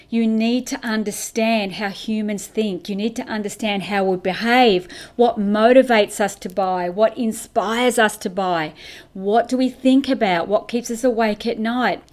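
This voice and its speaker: A woman in middle age delivers a motivational podcast monologue. She fires off rhetorical questions in an emphatic coaching manner. Her pitch sits in a middling register as she talks straight to the listener. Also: a little mellow. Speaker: podcast host and business coach. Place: indoors, facing camera.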